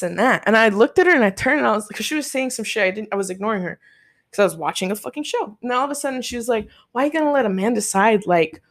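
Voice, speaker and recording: A young woman telling a story in casual chat, swearing freely and acting out what people said. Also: on the high side. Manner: profane, animated, quotes people in their voices.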